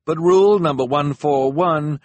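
A man's voice: fairly high pitch, measured pace, no room sound, voice pushed up, close to an everyday voice. A man voicing a stern, grudging female police officer in an audiobook. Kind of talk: audiobook narration.

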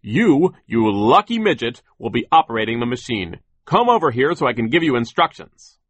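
A man voicing a gruff mill foreman who barks orders in a harsh, muffled voice, pitched far above his own. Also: big pitch swings, normal speed. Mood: bossy shouting.

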